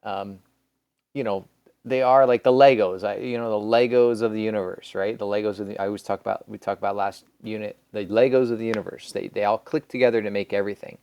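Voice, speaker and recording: A man's voice: fairly low pitch, fairly even intonation, quick pace, a little mellow, clear, resonant tone, no room sound. A man teaching a recorded science lesson in a casual, rambling way, with many restarts and fillers. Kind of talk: recorded classroom lecture.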